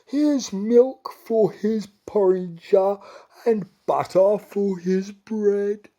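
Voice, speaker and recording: A man's voice: high-pitched, drawn-out words, mellow, highs cut off, voice pushed up, exaggerated voice. A man voicing a sleepy, fickle female dairy cow in a storybook reading. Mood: sleepy, coaxing.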